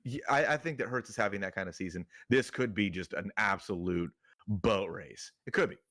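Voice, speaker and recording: A man co-hosting a casual fantasy football podcast, giving measured advice to listeners with a teasing streak. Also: fairly low pitch, a bit bright, dry recording, clean studio sound. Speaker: podcast co-host. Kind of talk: casual sports chat.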